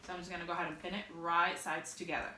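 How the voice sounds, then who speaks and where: A chatty young woman walks through a sewing tutorial in an upbeat, self-correcting way. Her voice is bright and a bit edgy, and the room around her rings with echo and faint noise. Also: fairly low pitch, little pitch movement, rapid-fire. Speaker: sewing instructor.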